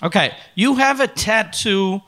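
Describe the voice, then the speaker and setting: Improvising in a comedy sketch, a man plays a campy, flamboyant company president, teasing and theatrical, his voice swooping up high. He commits fully to the character, sounding animated and sharp while keeping a measured pace.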